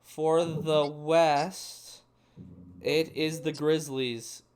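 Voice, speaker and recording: A man's voice: a little high, level tone, extremely slow, darkish tone, smooth. Rambling young man talking basketball. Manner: rambling, restarts thoughts mid-sentence. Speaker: podcast co-host. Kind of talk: casual sports chat.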